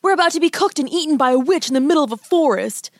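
An earnest young boy from a storybook, worried and eager, as a woman narrator puts him on. His voice sits somewhat higher than a grown woman's usual talk. The sound is close and dry. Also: lively intonation, quick pace, no room sound. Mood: panicked.

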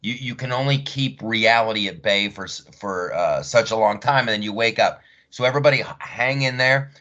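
A man's voice: fairly low pitch, a little fast, pushed and bright, highs cut off. A man hosting a podcast, speaking casually and agreeably as he moves into a break. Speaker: podcast host. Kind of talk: casual interview talk.

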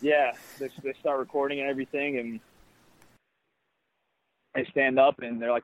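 A young man, a baseball prospect, telling his story in an interview in a halting way, with many restarts. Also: mid-range voice, little pitch movement, no room sound. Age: young adult. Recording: tinny phone-line sound, dry.

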